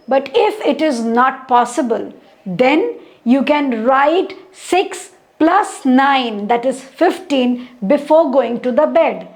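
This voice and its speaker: Slow, high-voiced woman teaching meditation. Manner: slow, calm counting and chanting. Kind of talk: guided spiritual instruction.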